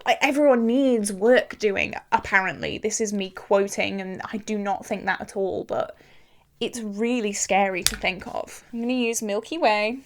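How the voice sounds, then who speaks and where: A woman's voice: mid-range voice, normal speed, slight background noise. A young woman in her twenties talking casually to camera while doing her makeup, frank and chatty with lots of "like" fillers. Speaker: beauty vlogger.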